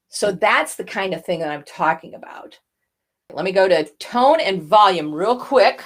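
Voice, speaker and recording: A woman voice coach teaching, expressive as she demonstrates airy and edgy tones with her own voice. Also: medium pitch, normal speed. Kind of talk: instructional talk.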